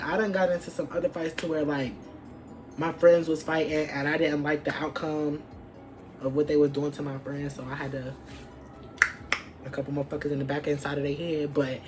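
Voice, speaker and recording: A young adult woman vlogger telling an animated, profane story from her past and acting out what people said. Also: low voice. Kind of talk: storytime vlog.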